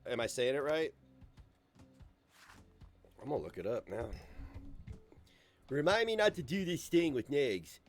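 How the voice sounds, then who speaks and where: A man's voice: medium pitch, very animated, unhurried, pauses often, soft background music. An American young man streaming from his computer, chatting in a rambling, crude, sarcastic way. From United States. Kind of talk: casual stream chat. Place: home computer setup.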